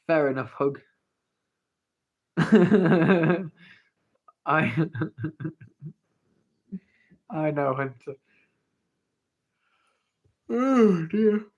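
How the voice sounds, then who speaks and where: A man's voice: medium pitch, lo-fi sound. An English man hosting a casual livestream, reading the chat and playfully pestering viewers for the story. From England. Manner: playful, teasing, pleading for the story. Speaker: livestream host. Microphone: phone.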